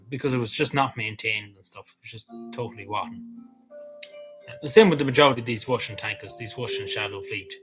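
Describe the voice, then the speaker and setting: An Irish man talks at an ordinary, mid-range pitch in loose, rambling vlog commentary. He stumbles through restarts and frequent ums and swears casually. A faint guitar plays softly behind him. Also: low-quality recording. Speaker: vlogger.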